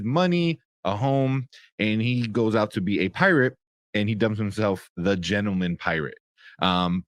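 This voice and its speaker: A man's voice: on the low side, no room sound, clean studio sound. A young man giving a casual spoken review of a show, rambling with lots of fillers and restarts.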